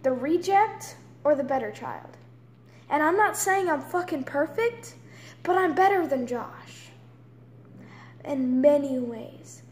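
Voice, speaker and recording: A young woman in her late teens venting in an angry, profane rant, swinging between loud outbursts and hushed whispers. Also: high voice, lively intonation, takes it slowly. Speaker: vlogger. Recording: roomy echo with faint background noise.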